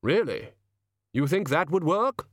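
Brief: man doing slow, heavy, puzzled hooded gift-giver from an audiobook, a little raised, dry booth sound. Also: fairly high pitch, very animated, a bit bright, no echo, voice pushed up, exaggerated voice.

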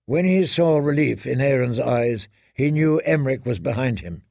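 A man narrating a fantasy audiobook in a steady, measured way. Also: mid-range voice, creaky, no room sound, clean studio sound.

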